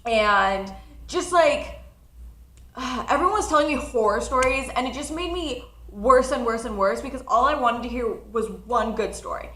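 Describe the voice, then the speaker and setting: A nineteen-year-old woman telling a personal story in a casual vlog, chatty and animated, often laughing. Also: on the high side, moderate pace, roomy sound, a little hiss or hum. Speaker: college student vlogger.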